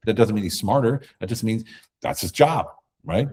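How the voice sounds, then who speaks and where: Deep-voiced guest, husky and dark, emphatic storyteller. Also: male voice, normal speed. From America. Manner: emphatic, animated storytelling with acted quotes. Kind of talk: conversational interview.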